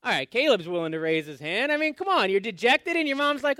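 High-voiced preacher, dry close sound. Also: male voice, very animated, fairly quick, no room sound. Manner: rhetorical questions to the congregation, swings from loud to hushed. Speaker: pastor. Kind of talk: sermon.

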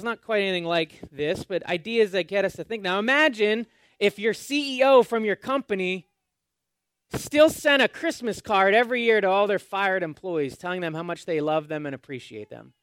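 A man preaching a sermon, often asking his congregation questions and swinging between loud and hushed. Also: sits high, normal speed, clear, resonant tone, dry recording, clean studio sound. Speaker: pastor.

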